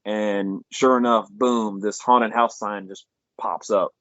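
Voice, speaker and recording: Podcast co-host, male, low voice, loose rambling plot recap with cursing, dull dry lo-fi sound. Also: fairly even intonation, slow pace, fairly bright tone, no room sound. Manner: rambling retelling with acted-out quotes, swears freely. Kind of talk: casual film review chat.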